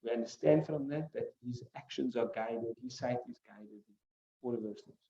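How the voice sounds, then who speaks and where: A male teacher of hadith commentary gives a classroom lesson in a mellow, higher voice at normal speed, recorded muffled in an echoey room. He recites classical Arabic phrases between English and explains them word by word, posing rhetorical questions.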